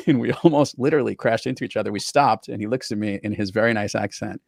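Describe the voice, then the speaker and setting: Lively man hosting a podcast, dry sound. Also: on the low side, fast talker, vocal fry, no room sound. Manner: lively anecdotal storyteller; professional speaker. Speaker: podcast host. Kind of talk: casual podcast chat.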